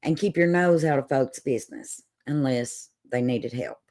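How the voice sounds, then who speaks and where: A woman's voice: rumbling low, moderate pace, a little mellow. A woman with an Appalachian Southern accent hosting a livestream, chatting in a folksy, sassy way and laughing often. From Southern United States, Appalachian holler. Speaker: livestream host. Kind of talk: casual chat on a livestream.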